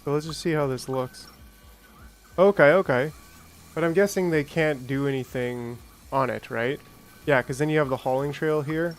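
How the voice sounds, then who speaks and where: A man's voice: on the high side, normal speed. A man casually rambling through a game stream, reading patch notes and greeting chat viewers by name. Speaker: gaming streamer. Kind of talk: casual let's-play commentary.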